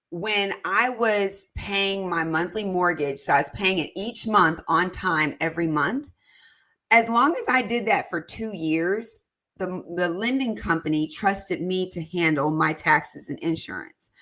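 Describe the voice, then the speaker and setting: A woman hosting a casual personal-finance livestream, chatting with viewers and reading their comments aloud between warm, talkative tangents full of fillers. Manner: chatty and warm, with fillers and quick jumps in pitch.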